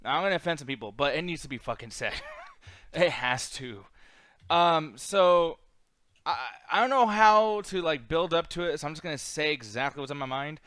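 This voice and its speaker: A man's voice: a little high, normal speed, a bit bright, smooth, no room sound. A young man hosting a chat show, telling a rambling, profane story in a blunt, casual way. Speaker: podcast host.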